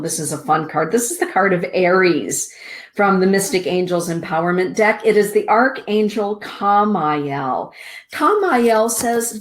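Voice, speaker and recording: Slow, soothing low-voiced woman reading cards. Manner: slow, soothing, deliberate delivery with drawn-out words. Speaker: host giving oracle card readings. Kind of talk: spiritual radio show card reading.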